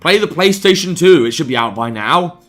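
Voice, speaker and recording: A man's voice: a little high, lively intonation, normal speed, a bit bright. A man reading a visual novel aloud as a let's play host, cutting in with sarcastic, crude jokes.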